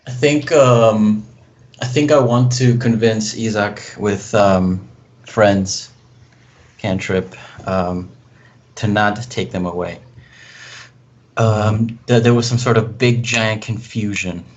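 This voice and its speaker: A man's voice: fairly low pitch, steady tone, slow pace. A man playing a tabletop game, rambling casually with lots of fillers. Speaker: player. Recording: muffled lo-fi voice chat.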